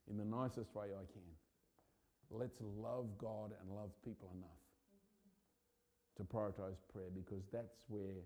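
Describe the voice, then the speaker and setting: A man, a pastor, preaching a sermon with impassioned urgency that builds to loud peaks. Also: on the low side.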